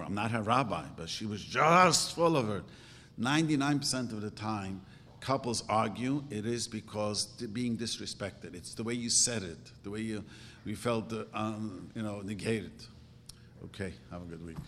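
A man's voice: lowish voice, moderate pace, fairly bright tone, a little hiss or hum. Earnest man in an echoing hall. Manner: earnest, emphatic, storytelling with rising bursts. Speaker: rabbi giving advice. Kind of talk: informal religious talk.

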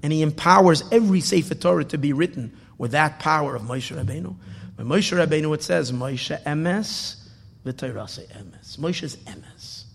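A rabbi preaching in dramatic storytelling style, his high voice leaping and dropping from shouts to whispers. His tone is gravelly and husky. A long hall reverb trails behind him. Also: brisk. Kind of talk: sermon storytelling. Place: hall at a Torah dedication.

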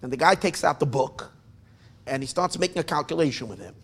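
A man tells a story out loud in a loose, unscripted way, his voice sitting a little high. His pitch rises and falls a lot as he goes. He jumps between loud bursts and quiet near-mumbled asides, often restarting a phrase. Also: animated, fairly quick. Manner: frequent restarts and filler asides. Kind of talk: casual oral storytelling.

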